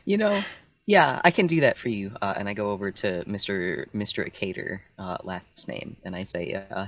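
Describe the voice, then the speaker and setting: A man's voice: fairly low pitch, expressive, normal speed, fairly bright tone. A man playing in a tabletop game, joking and playful as he describes his character. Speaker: player. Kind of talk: tabletop role-play.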